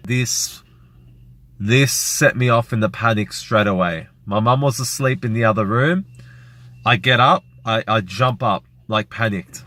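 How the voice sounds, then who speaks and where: Low-voiced man telling an emotional story. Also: sharp tone. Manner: emotional, rambling retelling with fillers. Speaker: vlogger. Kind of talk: personal story vlog.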